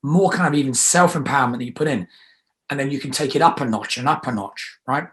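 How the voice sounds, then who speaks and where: Energetic male coach, emphatic, mid-pitched voice, leads call-and-response affirmations. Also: fast talker. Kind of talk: guided affirmation exercise.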